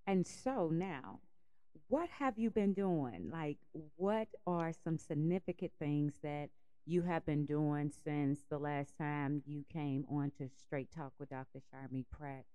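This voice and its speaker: A woman hosts an interview, speaking in a very low, smooth voice. She affirms and encourages her guest between questions. The sound is dry and close. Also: slow, warm tone, no room sound, dull audio. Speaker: interview host.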